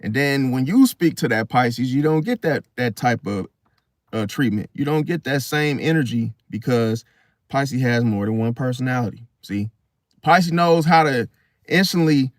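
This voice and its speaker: A man talking casually to the camera about a star sign. He often ends a point with a low, quiet "see?". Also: no echo. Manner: conversational, repeats "see?" with a dropping voice. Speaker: astrology video host. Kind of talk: casual monologue.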